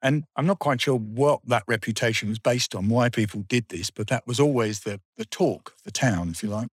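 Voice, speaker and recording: An older man tells school stories in an interview. He rambles with dry humour, at a middling pitch. His voice is close and dry. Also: brisk, breathy edge, dry recording. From England. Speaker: guest. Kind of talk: reminiscing interview.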